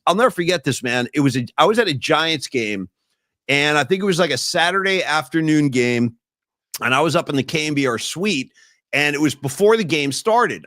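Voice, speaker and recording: A man hosting a podcast, telling stories in an animated, emphatic way over casual chat. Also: a little high, no echo, studio quality. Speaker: podcast host.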